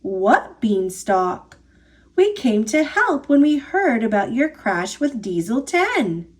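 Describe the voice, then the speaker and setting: A woman voicing a small, friendly engine in a storybook read-aloud, asking puzzled questions in a lowered voice. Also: very animated, takes it slowly, full character voice.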